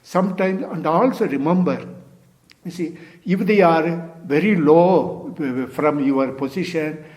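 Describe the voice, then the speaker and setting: A man's voice: fairly high pitch, measured pace, a little mellow. An older man, a Zen teacher, giving a dharma talk in loose, non-native English, often adding "you see" and "you know.".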